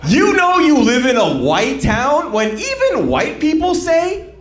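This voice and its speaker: A man's voice: very high voice, wildly swooping pitch, unhurried, a bit bright, faint music behind. A man doing a stand-up set on a club stage, telling stories and laughing at his own jokes. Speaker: stand-up comedian. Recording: roomy live club with crowd laughter. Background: audience laughing.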